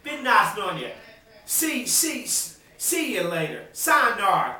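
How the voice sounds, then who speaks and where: A man ranting in a rough, heavily profane rant, bursting into shouts and loud laughs. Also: sits high, very animated, measured pace. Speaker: amateur rapper vlogging. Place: outdoors on a street. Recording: very echoey, distant from mic, noisy.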